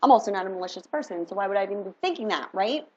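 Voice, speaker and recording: A middle-aged woman telling a story in a casual, animated vlog, chatty and full of "like" and "right?". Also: mid-range voice, very fast. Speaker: vlogger. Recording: dull lo-fi recording.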